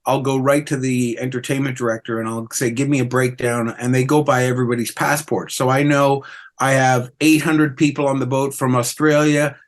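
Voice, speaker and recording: A man's voice: medium pitch, little pitch movement, brisk. A middle-aged man from Canada, a comedian chatting in an interview, rambling with fillers and mocking himself. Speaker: comedian guest. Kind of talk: casual interview chat.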